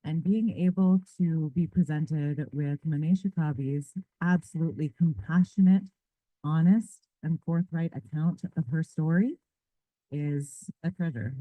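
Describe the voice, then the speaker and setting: A woman's voice: sits low, a little slow, warm tone, no room sound. Earnest woman on thin, phone-like audio. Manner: earnest, building long lists of short phrases. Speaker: librarian defending a book in a debate. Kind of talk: prepared persuasive speech to a live audience. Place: public library event.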